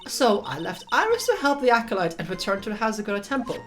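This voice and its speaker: A woman's voice: mid-range voice, very animated, quick pace, a bit bright, soft background music. A woman voicing a chatty older nun with a bad back, reading game dialogue in a hearty, exaggerated manner.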